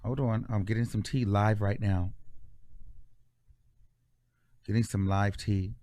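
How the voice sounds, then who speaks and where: A man's voice: on the low side, steady tone, moderate pace, mellow, no room sound. A man hosting casual celebrity gossip commentary, chatty and full of fillers as he scrolls through posts.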